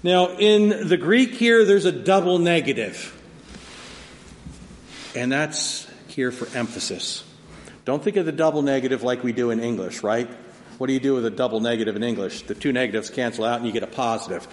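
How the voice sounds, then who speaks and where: A man's voice: mid-range voice, fast. Man preaching in a reverberant hall. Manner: dynamic preaching, swinging from soft to loud emphasis. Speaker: pastor. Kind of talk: sermon. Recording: long hall reverb, faint ambience.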